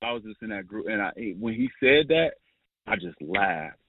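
A man's voice: lowish voice, sing-song, moderate pace. A man, a former college player, tells stories as a guest, laughing often and restarting his sentences with many fillers. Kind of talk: casual storytelling. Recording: phone-like line.

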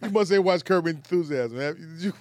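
A man's voice: a little high, fairly quick. A man in casual chat among friends, teasing the others and steering who talks next. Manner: teasing, profane. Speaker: podcast co-host.

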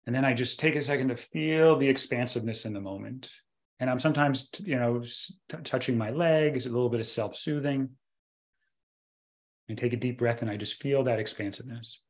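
Calm explaining middle-aged man. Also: mid-range voice. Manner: calm explanatory, slows for guided breathing. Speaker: doctor and co-author. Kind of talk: casual podcast conversation.

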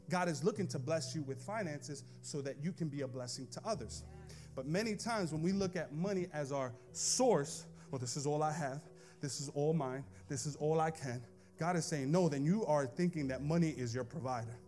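A man preaches a sermon with a notably high voice, swinging from casual asides to the congregation into sing-song, shouted runs. Faint music plays underneath his voice in the church. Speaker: pastor.

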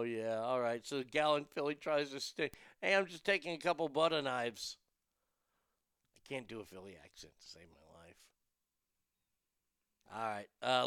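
A man's voice: medium pitch, creaky, pushed and bright, smooth, no room sound, clean studio sound. A man hosting a podcast, reading odd news stories and ranting about them with crude, profane, mocking outrage. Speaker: podcast host. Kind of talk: crude comedic news rant.

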